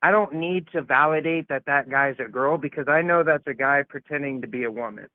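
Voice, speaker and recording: A man's voice: medium pitch, brisk, dry recording. A man calling in to argue, blunt and scoffing, talking over the other speaker. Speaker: caller. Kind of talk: casual debate. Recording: tinny phone-like call line.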